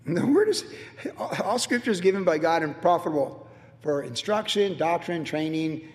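A middle-aged man preaching a sermon as pastor, emphatic, swinging between loud declarations and hushed asides. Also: fairly high pitch, expressive, normal speed, big-room sound.

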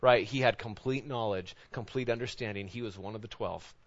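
A pastor preaches a sermon a little fast, repeatedly asking rhetorical questions ending in "right?" He swings between loud emphasis and quiet, low intensity. The recording has a dull lo-fi sound.

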